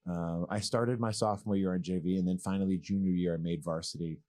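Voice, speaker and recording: A man's voice: deep voice, quick pace. A man in his thirties from Massachusetts, a former pro basketball player telling his story as a guest in a casual, candid, joking way. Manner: animated, rambling, joking, candid.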